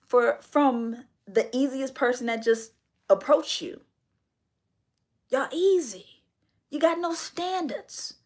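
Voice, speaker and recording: A woman's voice: on the high side, gravelly. A woman hosting a livestream, delivering an emphatic, preachy, confrontational monologue. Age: adult. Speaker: livestream host.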